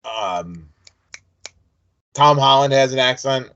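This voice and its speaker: A man's voice: medium pitch, lively intonation, slow pace, a bit bright. Brief: man, podcast co-host, mid-range voice, chatty and hesitant, lo-fi recording. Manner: chatty, leads topics, hesitant restarts. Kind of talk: casual chat. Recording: dull lo-fi sound.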